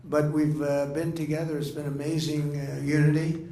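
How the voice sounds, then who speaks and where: Older male speaker, fairly high voice, loose digressive delivery, echoey hall with faint room noise. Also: level tone, moderate pace, mellow. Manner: rambling, digressive, with many fillers and restarts. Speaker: political speaker. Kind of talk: off-the-cuff dinner speech. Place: dinner event in a large room.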